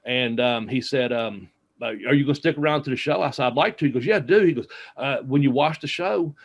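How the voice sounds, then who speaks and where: In an interview, a former wrestler casually spins long, rambling anecdotes packed with fillers and acted-out quotes. His mid-range voice is brisk, and the audio sounds dull.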